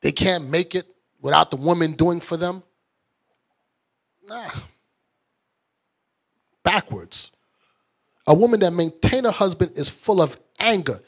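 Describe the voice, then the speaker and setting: A man's voice: high voice, animated, slow pace, pauses often, slightly rough. A man preaching as a bishop in a fiery, mocking, blunt sermon style. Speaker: bishop and teacher.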